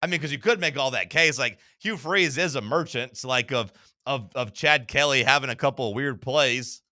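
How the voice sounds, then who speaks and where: A man co-hosting a sports talk show in casual banter, rambling and animated, often slipping into mock quotes. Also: medium pitch, moderate pace, no room sound, clean studio sound.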